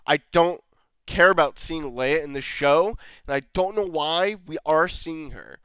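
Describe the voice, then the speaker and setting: A man's voice: fairly high pitch, a little slow, fairly bright tone, clear, resonant tone, no echo. A man ranting sarcastically in a show review, exasperated and swearing often. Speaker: video reviewer.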